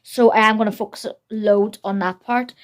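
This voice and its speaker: A woman's voice: mid-range voice, steady tone, normal speed. A young woman, chatting casually at home in a rambling beauty vlog. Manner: rambling, self-deprecating, many fillers. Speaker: beauty vlogger.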